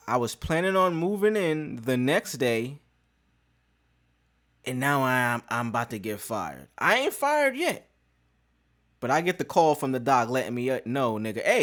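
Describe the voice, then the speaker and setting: A man hosting a podcast, telling a story in casual street slang with plenty of profanity. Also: mid-range voice. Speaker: podcast host.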